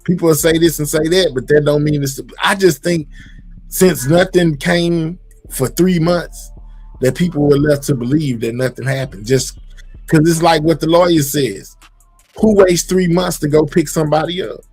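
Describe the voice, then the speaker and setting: A man's voice: a little high, moderate pace, darkish tone, slightly rough, faint music behind. A man hosting a livestream in casual, laid-back talk full of slang. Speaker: livestream host. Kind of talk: casual chat.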